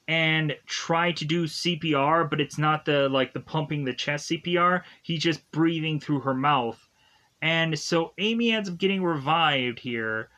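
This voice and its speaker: A man's voice: a little high, pushed and bright. A man reviewing a film, retelling its plot casually in a rambling way, full of "like" and loose phrasing. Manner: rambling, filler-heavy retelling with many "like" and "is to go on". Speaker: movie reviewer. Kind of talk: casual spoken plot recap.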